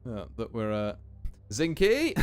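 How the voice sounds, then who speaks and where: A man's voice: medium pitch, wildly swooping pitch, slow, soft background music. A young man streaming a game, chatting casually with self-mocking, swearing asides. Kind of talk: casual chat while gaming.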